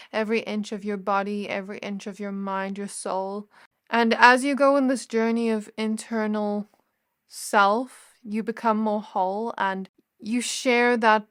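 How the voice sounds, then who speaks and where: A woman giving a gentle, intuitive tarot reading to her viewers, now and then laughing softly and correcting herself as she goes. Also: fairly high pitch, clear, resonant tone, no echo, clean studio sound. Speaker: tarot reader. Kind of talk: soft spoken tarot reading.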